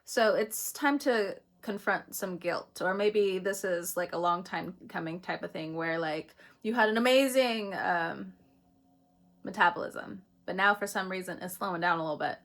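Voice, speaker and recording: A woman's voice: fairly low pitch, normal speed, fairly bright tone. A woman giving a casual spiritual astrology reading to the camera, chatty, swearing freely and laughing often between phrases. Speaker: astrology reader.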